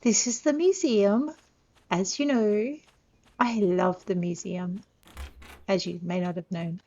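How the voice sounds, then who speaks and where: A woman's voice: medium pitch, steady tone, slow, dark tone. Chatty self-deprecating woman, lo-fi mic. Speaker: gameplay narrator. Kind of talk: casual let's-play commentary.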